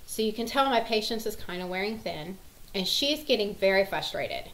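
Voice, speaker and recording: Chatty mom vlogger, rambling casual storytelling with plenty of fillers and lively loudness. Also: female voice, medium pitch, brisk, low-quality recording. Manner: rambling, chatty, full of "you know" and "like". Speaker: mother of several children.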